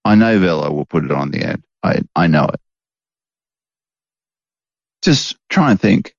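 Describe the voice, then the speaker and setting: A laid-back man hosts a casual late-night chat from home, rambling and chuckling. His voice is extremely deep, gravelly and husky, with a slow unhurried drawl. The recording is dry and a little dull. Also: sing-song, no room sound. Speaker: podcast host.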